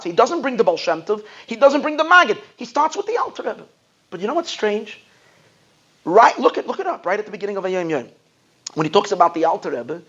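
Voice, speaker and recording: Animated rabbi giving a Torah talk. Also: male voice, high voice. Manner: animated, emphatic, swings from loud to hushed. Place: school hall. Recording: dull lo-fi sound.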